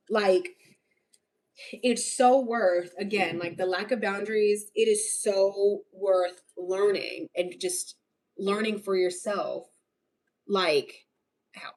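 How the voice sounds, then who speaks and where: Earnest woman livestreaming, slightly distant mic. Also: medium pitch. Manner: earnest, rambling, confessional. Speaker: livestream host. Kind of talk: candid personal livestream talk. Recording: voice a little far from the mic.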